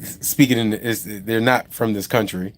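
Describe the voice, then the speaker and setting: A man's voice: fairly low pitch, fairly even intonation, moderate pace. A man who drives a truck and owns a trucking company, telling a story on a casual live stream, rambling with many restarts and asides to viewers.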